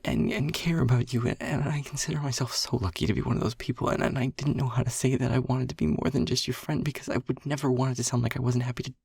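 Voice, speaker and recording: A man's voice: mid-range voice, vocal fry, breathy edge, no room sound, clean studio sound. Stammering nervous air elemental, a man voicing him. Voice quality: stammering, halting, repeats words. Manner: anxious, rambling, soft and hushed. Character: nervous shy male air elemental, young adult. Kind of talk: audio role-play confession.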